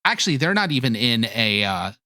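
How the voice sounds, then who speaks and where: A man running a tabletop game as game master, talking rules in a relaxed way with lots of fillers. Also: mid-range voice, brisk, no echo, studio quality.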